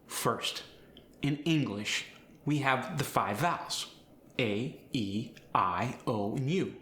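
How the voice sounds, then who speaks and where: Man, accent coach, explanatory, step-by-step, bright tone, roomy echo. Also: mid-range voice, takes it slowly. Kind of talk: instructional lesson.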